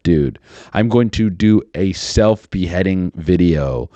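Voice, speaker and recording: A man's voice: low voice, expressive, takes it slowly, mellow, dry recording. A man in his thirties hosting a podcast, rambling crudely and profanely with lots of fillers and restarts. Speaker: podcast host. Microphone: studio microphone.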